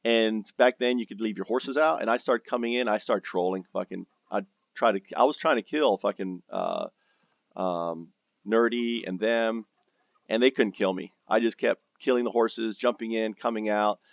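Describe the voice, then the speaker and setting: Low, gravelly male gamer, casual and swearing, rambling story, dry lo-fi mic. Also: moderate pace, no room sound. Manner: profane, rambling, with frequent restarts and fillers. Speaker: gamer recounting guild drama.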